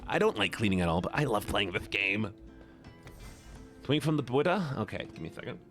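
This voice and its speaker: A man's voice: on the low side, sing-song, fairly quick, fairly bright tone, soft background music. A man streaming a game and chatting casually with his viewers in a playful, rambling way, often repeating words. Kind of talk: casual live-stream chat while gaming.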